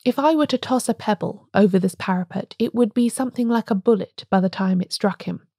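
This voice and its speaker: A woman voicing a calm, wise male priest who speaks gravely and gently in an audiobook reading. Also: high voice, fairly quick, no echo, clean studio sound.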